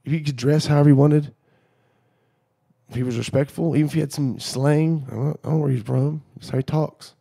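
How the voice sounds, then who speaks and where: Gravelly middle-aged man telling stories. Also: a little high, fairly quick. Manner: animated storyteller acting out quoted dialogue. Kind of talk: casual podcast chat.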